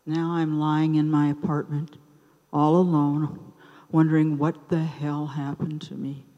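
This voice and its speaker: Woman, 70s, live storyteller onstage: warm, low-set, very slow delivery with pauses, reverberant theater sound. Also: flat delivery, dull audio. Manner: unhurried, with dramatic pauses between short phrases. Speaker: open mic storyteller. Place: theater stage.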